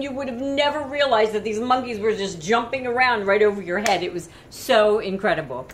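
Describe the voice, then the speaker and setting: A woman telling a travel story in a relaxed, chatty way, with lots of fillers and restarts. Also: mid-range voice, a little fast, few pauses, slight background noise. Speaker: travel vlogger. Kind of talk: casual storytelling.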